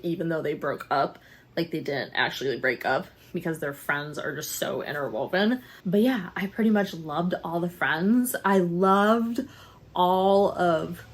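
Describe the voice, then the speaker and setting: Chatty young woman reviewing a book. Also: lowish voice. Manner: animated, chatty, laughs often. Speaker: book vlogger.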